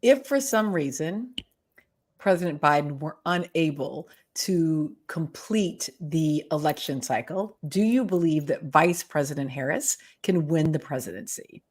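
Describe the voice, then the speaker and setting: Chatty woman host, lowish voice. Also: lively intonation, a little slow, darkish tone. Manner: chatty, laughs often, effusive thanks. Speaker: host and interviewer. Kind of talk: casual conversational interview.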